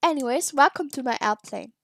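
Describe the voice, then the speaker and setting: A woman's voice: high-pitched, lively intonation, fairly quick, gravelly, fairly bright tone, full character voice. A woman reading a bossy, hot-tempered game president. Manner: reads game dialogue aloud. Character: bossy male game president, easily angered.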